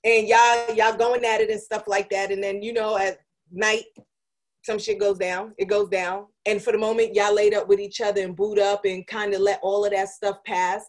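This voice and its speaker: A woman's voice: medium pitch, little pitch movement, normal speed. A woman who works in radio, a guest on a podcast, talking things through in a reflective, casual way with lots of "you know". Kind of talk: casual chat.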